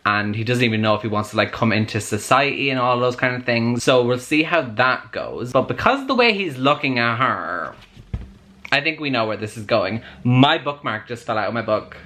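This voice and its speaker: A young man chatting excitedly in a casual book vlog, with plenty of "like" fillers. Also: mid-range voice, normal speed, slight background noise. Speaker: book vlogger. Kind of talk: casual chat.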